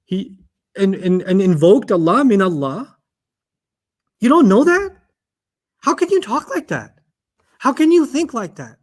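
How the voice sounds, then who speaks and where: A man's voice: sits high, animated, fast talker, a bit bright. A man voicing a defensive, self-justifying eldest brother during a lesson. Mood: rebuking.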